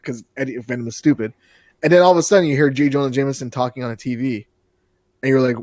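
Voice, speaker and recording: A man co-hosting a podcast in casual chat, excitable and rambling, cursing freely as he talks. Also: medium pitch, fast, no echo, clean studio sound. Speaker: podcast co-host.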